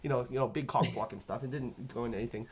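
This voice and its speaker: Canadian guy hosting a stream chat, rambly, lots of um and like, middle pitch. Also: very fast, a crowd in the background. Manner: rambling storyteller, many fillers and restarts. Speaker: stream host. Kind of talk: casual live-stream chat.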